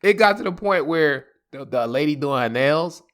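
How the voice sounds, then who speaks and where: A man's voice: fairly high pitch, normal speed, smooth. A man telling a personal story in a casual, slangy vlog, laughing often. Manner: animated, slangy, laughing a lot.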